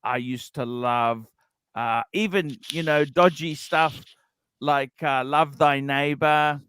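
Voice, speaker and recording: A man's voice: a little high, fairly even intonation, takes it slowly, fairly bright tone, clean tone, no echo. A man hosting a casual livestream, reading out donations and rambling with many restarts. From Australia. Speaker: livestream host.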